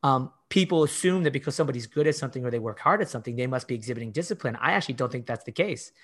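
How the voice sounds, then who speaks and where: A man's voice: mid-range voice, expressive, very fast, breathy edge. A middle-aged man, a fitness coach, telling stories in a casual podcast interview with emphatic delivery, often acting out his own past words. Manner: frequent "like" fillers and restarts.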